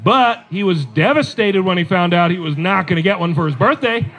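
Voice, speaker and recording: A middle-aged man telling family stories in a stand-up comedy set at a local brewery, animated and self-deprecating. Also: high-pitched, brisk, low-quality recording. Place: live show at a local brewery.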